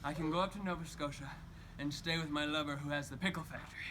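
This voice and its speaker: A woman's voice: low-pitched, steady tone, quick pace, close to an everyday voice. A woman playing a stammering, panicky tenant. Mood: rambling. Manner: stammering, rambling, half-laughing. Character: panicky tenant with absurd far-off lovers. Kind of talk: outdoor improv scene. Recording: noisy outdoor recording.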